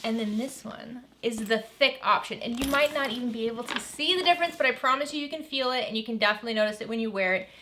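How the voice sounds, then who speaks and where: A woman's voice: a little high, fast talker, hardly any pauses, noisy background. A woman hosting a casual sewing tutorial, chatty and enthusiastic as she walks through a bag pattern. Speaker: sewing pattern designer and channel host.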